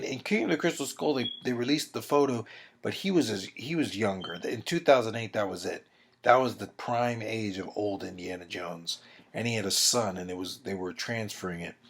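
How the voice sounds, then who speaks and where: A man's voice: mid-range voice, a bit bright. A man giving a heated, rambling opinion rant, swearing and acting out quotes. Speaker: video commentator.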